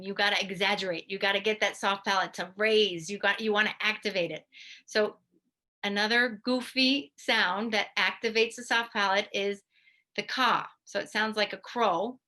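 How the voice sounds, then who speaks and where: Bright-voiced woman teaching mouth exercises. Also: mid-range voice, normal speed. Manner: lively, demonstrates goofy mouth sounds. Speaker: physical therapist presenter. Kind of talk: instructional talk demonstrating exercises. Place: video presentation to a study club.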